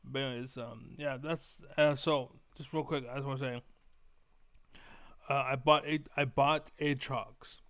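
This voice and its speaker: A man's voice: medium pitch, fairly even intonation, a little slow, fairly bright tone, smooth, no echo. A young man ranting profanely to camera as a gaming vlogger, repeating himself as he vents. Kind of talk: angry rant to camera.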